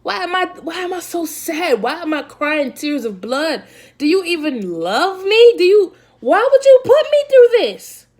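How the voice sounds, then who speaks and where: A man's voice: very high voice, animated, normal speed, vocal fry, voice pushed up, exaggerated voice. A woman voicing Jesus as an anguished young man who pleads with God and cries out in rising despair.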